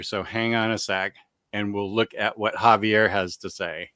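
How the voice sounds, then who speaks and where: A man's voice: lowish voice, fairly even intonation, unhurried, sharp tone, smooth, no echo. A man hosting a livestream chat, upbeat and reading out viewer comments. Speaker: host.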